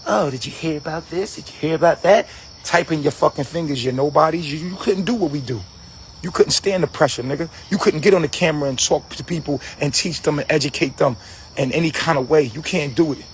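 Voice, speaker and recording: Man ranting, high-voiced and aggressive. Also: slight background noise. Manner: aggressive, preachy, repetitive. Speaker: livestream host. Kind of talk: profane livestream rant.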